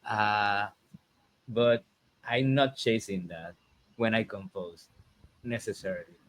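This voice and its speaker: A man's voice: lowish voice, slow pace, a bit bright, no echo. A man hosting a casual conversation, reflective and thinking aloud with frequent restarts. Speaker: host and composer.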